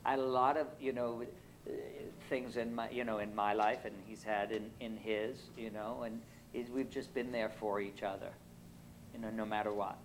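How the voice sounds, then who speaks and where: A man's voice: on the low side, fairly even intonation, moderate pace, slight background noise, poor audio. Chatty man on a convention panel. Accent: faint New York. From Brooklyn, New York. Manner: rambling, many fillers and restarts, jokey. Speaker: panel guest. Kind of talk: convention panel Q&A, casual storytelling.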